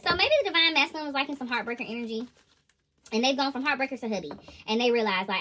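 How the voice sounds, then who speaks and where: A woman chats through a tarot reading, giggling and laughing as she goes. Her voice is bright and crisp and sits a bit high. She sounds animated and casual throughout. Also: quick pace. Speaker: tarot reader.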